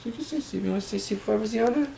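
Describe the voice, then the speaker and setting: A man's voice: high voice, racing, vocal fry, noisy background. A man chatting casually at home with his wife, laid-back and joking. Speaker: husband of the vlogger. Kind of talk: casual family chat.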